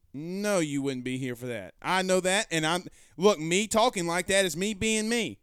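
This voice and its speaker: A man hosting a sports talk stream, reading viewer comments aloud and answering them in a loud, passionate, blunt way with some swearing. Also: high-pitched, moderate pace, hardly any pauses, smooth, no room sound, clean studio sound. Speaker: sports show host. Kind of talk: live-stream chat reading.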